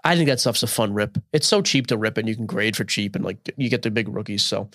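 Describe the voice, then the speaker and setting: Opinionated male co-host, quick answers, dry close mic. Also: lowish voice, a bit bright, no room sound. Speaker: podcast co-host. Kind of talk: casual chat.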